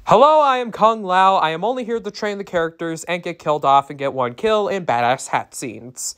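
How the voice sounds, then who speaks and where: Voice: medium pitch, expressive, a little fast, fairly bright tone, smooth, lightly acted. A reviewer voicing a wry male monk fighter in a dry, listing way.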